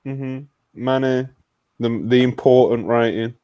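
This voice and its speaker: A man's voice: mid-range voice, fairly even intonation, measured pace, mellow, clear, resonant tone, dry recording. A man hosting a casual wrestling podcast, loose and laid-back, with lots of fillers as he reads messages and asks for scores. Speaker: podcast host.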